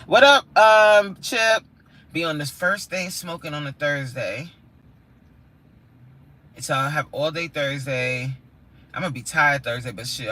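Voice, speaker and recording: A woman's voice: very deep voice, pushed and bright. A woman hosting a casual livestream from her car, chatting with viewers, exclaiming and reading their comments aloud. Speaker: livestream host.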